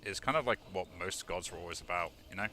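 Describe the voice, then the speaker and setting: A man's voice: low-pitched, fast, pushed and bright. A man giving casual commentary while playing a video game, rambling with many fillers. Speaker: let's play host.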